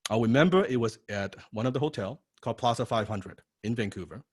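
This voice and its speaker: A man teaching a copywriting course, telling a personal story in an animated, profane way, often repeating words and tagging lines with "right?". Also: mid-range voice, fast talker, slightly rough, dry recording, studio quality. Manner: frequent rhetorical "right?". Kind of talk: personal story told in a lecture.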